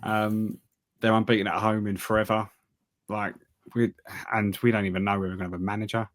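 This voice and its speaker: Deep-voiced wry football podcaster. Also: male voice, little pitch movement, fairly quick. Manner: wry, hesitant, trails off and restarts. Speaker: podcast co-host. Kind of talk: casual football chat.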